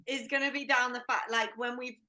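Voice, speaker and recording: A woman's voice: on the high side, fairly even intonation, a little fast, sharp tone. A woman guest in a casual group chat, teasing her partner and giggling as she tells stories.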